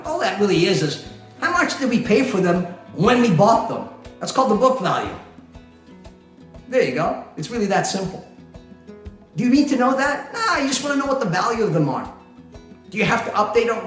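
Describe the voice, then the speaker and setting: A man's voice: high-pitched, sing-song, fairly quick, a bit bright. A man, a company president, explaining things in a chatty way, asking rhetorical questions and often laughing. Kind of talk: explainer talk to camera. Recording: very echoey room with faint music.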